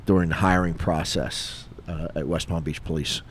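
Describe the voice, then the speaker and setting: A middle-aged retired police officer co-hosting a podcast, telling a story in a lively, casual way and acting out the dialogue. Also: male voice, deep voice, normal speed, breathy edge. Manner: animated, acts out dialogue, frequent fillers.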